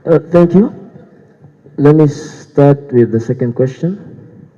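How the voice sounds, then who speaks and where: Young man, mellow dark voice, hesitant debate answers, echoing hall. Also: a little high, lively intonation, takes it slowly. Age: young adult. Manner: hesitant, many fillers and restarts. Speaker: student guild candidate. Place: university hall. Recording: dull echoey hall sound.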